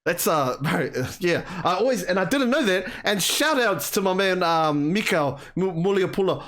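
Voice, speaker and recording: A man hosting a podcast, talking in an energetic, slangy casual chat. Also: high voice, normal speed. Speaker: podcast host.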